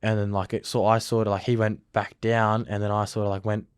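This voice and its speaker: A man's voice: lowish voice, flat delivery, a little fast, clear, resonant tone, no echo, studio quality. A young Australian man telling a story in a casual interview, rambling with lots of filler words. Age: young adult. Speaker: interview guest, rugby league player.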